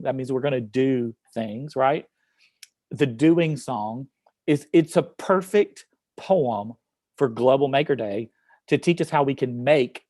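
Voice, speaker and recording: A man's voice: mid-range voice, a little mellow, no echo, studio quality. A man, an upbeat teacher reading poetry to students and encouraging them, with many fillers. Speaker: educator presenting to students. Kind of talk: reading a poem aloud to a class online. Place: office.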